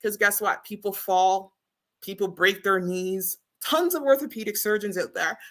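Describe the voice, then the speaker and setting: A woman's voice: mid-range voice, normal speed. A woman hosting a casual live stream from home, emotional and upbeat, talking straight to her viewers. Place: home, beside her router.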